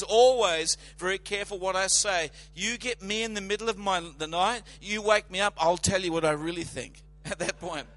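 A man preaching a sermon with dramatic, emphatic delivery, slowing to draw out words and swelling in volume. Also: high-pitched, bright, forceful tone.

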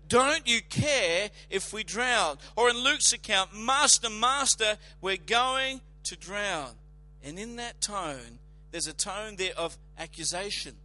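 A man preaching a sermon with dramatic, emphatic delivery, slowing to draw out words and swelling in volume. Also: high voice, bright, forceful tone.

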